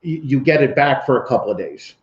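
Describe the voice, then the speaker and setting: A man's voice: mid-range voice, lively intonation, fairly quick, reverberant, lo-fi sound. A man with a New York accent, a podcast guest telling rambling, profane stories in casual chat.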